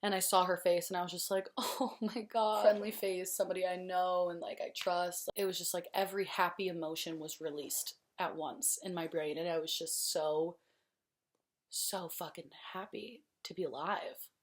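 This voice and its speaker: A woman's voice: lowish voice, steady tone, moderate pace. A young woman vlogger telling a personal story in an emotional, rambling way, full of fillers and swearing.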